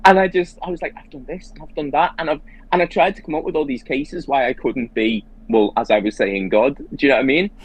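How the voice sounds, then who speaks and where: A man's voice: mid-range voice, fast talker, hardly any pauses, slightly rough, no room sound, poor audio. A man hosting a casual conversation who tells his story earnestly and with animation, restarting his sentences often. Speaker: host.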